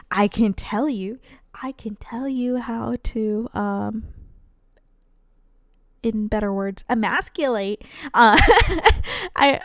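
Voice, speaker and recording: A woman's voice: medium pitch, no echo, studio quality. Giggly, rambling young woman streamer. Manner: rambling, giggly, lots of fillers and restarts. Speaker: cozy gaming streamer. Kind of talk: casual stream chat.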